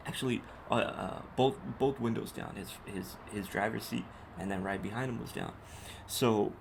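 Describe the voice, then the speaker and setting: A man's voice: medium pitch, creaky, noisy background. A man hosting a podcast, telling a personal story in a casual, profane, slangy way. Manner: profane, street slang, animated retelling. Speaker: podcast host.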